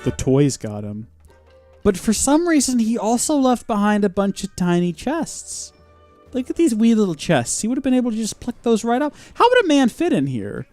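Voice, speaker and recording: A young man streaming a video game live, chatting and joking with his audience as he plays, with sudden bursts of mock shouting. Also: high voice, huge pitch swings, normal speed, soft background music. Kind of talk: live gameplay commentary.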